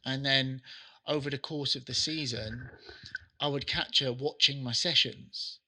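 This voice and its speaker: A middle-aged man, a soccer trainer and interview guest, telling animated stories and acting out what people said. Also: medium pitch, measured pace. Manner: animated anecdotes, acts out quotes. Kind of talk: casual interview storytelling.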